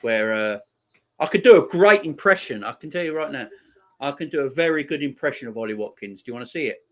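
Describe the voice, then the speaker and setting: A man runs a live football watchalong, talking fast and animatedly as he commentates casually and replies to comments from viewers. Chances on the pitch draw loud reactions from him.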